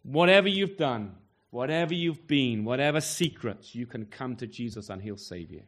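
This man delivers an earnest sermon at a moderate pace, sounding animated as he asks rhetorical questions. His voice rises and falls dramatically in both pitch and volume.

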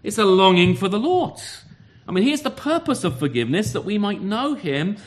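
A man's voice: high voice, sing-song, moderate pace. A man preaching a sermon, earnest, often repeating words and asking rhetorical questions.

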